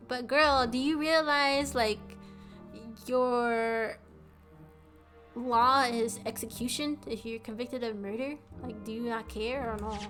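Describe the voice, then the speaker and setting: A woman's voice: fairly high pitch, steady tone, takes it slowly, fairly bright tone, faint music behind. A young woman streamer commenting casually on a game, filling her talk with "like". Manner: casual, lots of "like". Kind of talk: live gameplay commentary.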